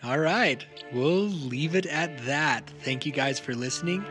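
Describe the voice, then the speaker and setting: Casting: male game master, slow, bright voice, faint music behind. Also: fairly high pitch. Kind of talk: narrating a tabletop game.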